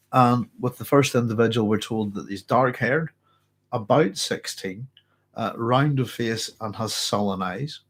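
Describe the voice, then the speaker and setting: A man hosting a casual book club, congested and a little muffled, chatting and rambling with many restarts. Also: fairly low pitch. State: congested, blocked-up nose. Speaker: book club host and teacher. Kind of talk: casual book discussion with reading aloud.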